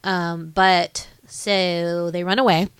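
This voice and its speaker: A woman's voice: on the low side, level tone, clear, resonant tone, no room sound. Chatty laughing woman podcaster. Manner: chatty, laughing, swearing, acts out characters in quick asides. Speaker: podcast co-host. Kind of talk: casual movie recap chat.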